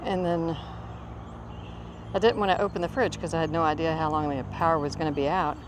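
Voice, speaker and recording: A woman's voice: deep voice, steady tone, fairly quick. A woman vlogging on a dog walk outdoors, chatting casually, a little out of breath, now and then calling commands to her dog. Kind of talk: casual walking vlog. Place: outdoors in a small town. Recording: noisy outdoor recording.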